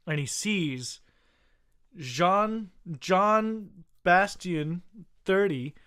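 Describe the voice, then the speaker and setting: A man's voice: fairly high pitch, a bit bright. A man co-hosting a podcast, improvising a comedy story with many hesitant restarts. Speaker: podcast co-host.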